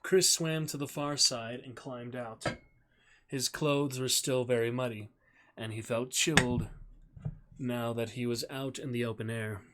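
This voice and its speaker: A man streamer reading a novel aloud in a measured, steady storytelling voice. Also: mid-range voice, very noisy.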